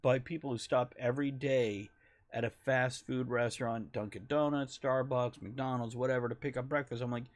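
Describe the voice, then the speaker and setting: A man's voice: mid-range voice, steady tone, normal speed, no room sound. Male podcast host, casual and profane, chuckles often, dry studio sound. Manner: profane, laughs while reading. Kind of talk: casual chat.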